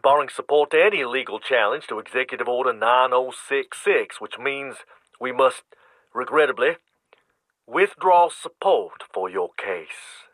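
Measured office official, crisp bright tone, dry close sound, man voicing him. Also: medium pitch, animated, no room sound, poor audio. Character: formal middle-aged male civil liberties official.

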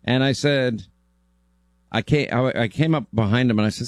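A man's voice: mid-range voice, moderate pace, no room sound. Brash man hosting talk radio. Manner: brash, blunt, joking. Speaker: radio talk show host. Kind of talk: talk radio chat with a guest.

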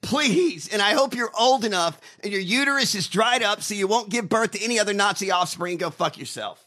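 A man with a high, bright and cutting voice rants on a political talk show. He curses hard and mocks his targets at every turn. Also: quick pace. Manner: angry, profane, mocking. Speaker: co-host.

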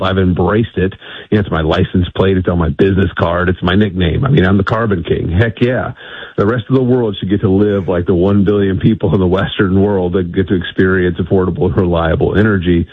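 A man's voice: low-pitched, slightly rough, no room sound. A man being interviewed on the radio over the phone, talking emphatically and often restarting his sentences. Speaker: energy policy guest. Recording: tinny phone line.

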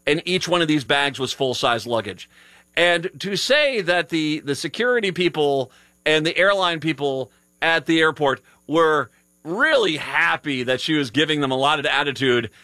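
A man's voice: on the high side, sharp tone, dry recording. A tired man hosting a live radio show, chatting casually and rambling with many restarts. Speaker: radio host. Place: radio studio.

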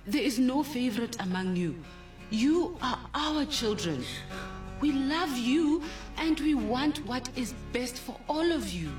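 A woman's voice: high voice, expressive, unhurried. A woman playing a worried, soothing mother with a South African accent, pleading and consoling. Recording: distant mic, faint music.

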